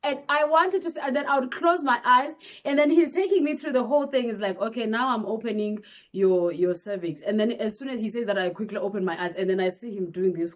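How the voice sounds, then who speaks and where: Animated woman vlogger. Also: on the high side, a little fast. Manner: animated, laughing while telling a story. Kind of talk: casual storytelling to camera.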